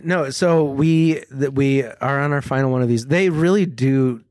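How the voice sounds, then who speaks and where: A man co-hosts a laid-back podcast at a middle pitch, laughing easily and circling back over his own half-finished sentences. The sound is dry and close, with no room around it. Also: moderate pace, a little mellow, no room sound. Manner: joking, laughs often, rambling restarts. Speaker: podcast co-host. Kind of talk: casual chat.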